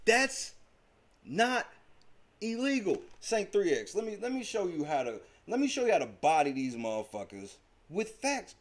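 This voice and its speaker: High, lively, taunting man. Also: moderate pace. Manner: profane, taunting, mocking. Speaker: livestream host. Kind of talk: heated livestream argument.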